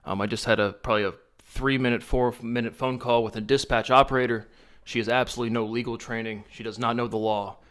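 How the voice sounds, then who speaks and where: A man talks straight to his viewers in an agitated rush of accusations. His pitch is ordinary and mid-range. His complaints come across as urgent and aggrieved. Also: steady tone, quick pace, a bit bright. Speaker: vlogger. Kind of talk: direct-to-camera vlog.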